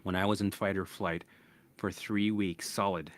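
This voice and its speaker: A man's voice: deep voice, steady tone, normal speed. Blunt, profane man telling his story. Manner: blunt and profane, acts out his own past thoughts; restless, with frequent restarts and "right?" asides. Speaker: podcast host. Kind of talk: candid personal storytelling.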